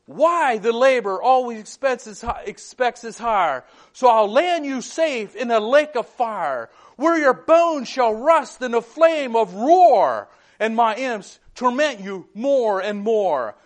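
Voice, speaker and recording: A gloating male devil mocks his doomed passengers in a sermon recitation, read out by a man. He taunts and scolds in a strikingly high, light voice. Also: animated, slow, full character voice. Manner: taunting, mocking. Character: gloating male devil driving a hellbound train.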